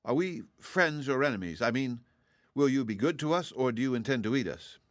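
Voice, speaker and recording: A man's voice: mid-range voice, expressive, a little fast, no echo, clean studio sound, pitched above the performer's own voice, close to an everyday voice. A man reading the part of a young girl, earnest and plucky, in a raised voice.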